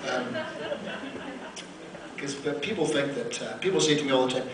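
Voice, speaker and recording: A man's voice: medium pitch, moderate pace. A man telling profane, self-mocking stories between songs at a live concert, laughing at his own jokes. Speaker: singer-songwriter performing live. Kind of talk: onstage storytelling banter. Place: theater stage, live concert. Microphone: stage mic. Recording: echoey theater, distant mic, loud crowd.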